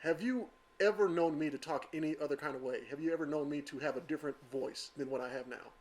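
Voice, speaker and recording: Middle-aged dude on a podcast, crisp clear pronunciation, voice a little on the high side. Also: male voice, quick pace, a little mellow. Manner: crisp enunciation, plain talk. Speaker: podcast co-host. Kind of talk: casual podcast chat.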